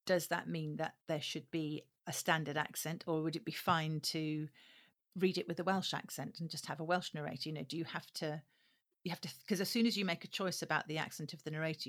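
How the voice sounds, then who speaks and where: A woman with a notably low voice, speaking as an audiobook producer in an interview. She talks thoughtfully, pausing on ums and restarting phrases as she works out her points. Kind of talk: interview answers.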